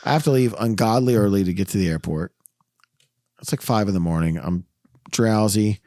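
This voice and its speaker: Laughing, low-voiced male podcast host. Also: normal speed, dark tone, no room sound, studio quality. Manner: storytelling, laughs often, quotes people in his own voice. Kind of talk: casual chat.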